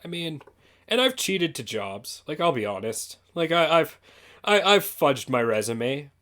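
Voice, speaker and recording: A man's voice: medium pitch, big pitch swings, measured pace, fairly bright tone. A man from Canada, a podcast co-host, telling a school story in casual chat and swearing freely.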